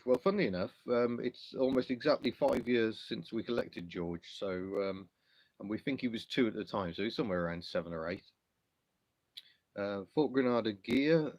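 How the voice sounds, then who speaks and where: A man's voice: lowish voice, darkish tone, no room sound, lo-fi sound. A man from England hosting a car livestream, reading out and answering viewer questions in a chatty, self-deprecating way with lots of ums. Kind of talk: casual live chat reading comments.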